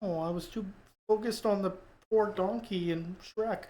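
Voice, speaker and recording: Deadpan podcast co-host in a roomy space. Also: mid-range voice, unhurried. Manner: deadpan quips, frequent swearing. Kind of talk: casual comedic chat. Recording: roomy echo.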